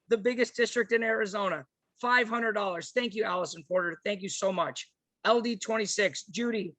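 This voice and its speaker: A man making an energetic fundraising appeal at a virtual party convention, thanking donors district by district over a video call. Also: sits high, no echo. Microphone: computer mic on a video call.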